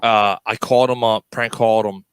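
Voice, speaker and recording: A man's voice: on the low side, brisk, clear, resonant tone, no echo. A man telling a rowdy story to friends, cursing and laughing often. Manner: profane, laughing, animated, acts out voices in quotes. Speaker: podcast co-host.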